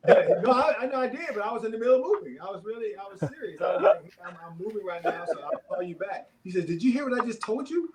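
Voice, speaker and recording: An older man, a former basketball player, telling stories as a podcast guest in a relaxed, rambling way with many fillers. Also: sits high, fast talker, few pauses, over a noisy crowd, rough recording. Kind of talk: casual storytelling.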